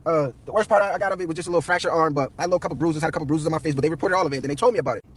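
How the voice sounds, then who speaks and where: A young man tells a story on a live stream, fast and loose with slang and swearing. His voice sits high and a little husky. He plays every person's lines himself as he goes. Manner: slangy, profane, quoting everyone in turn.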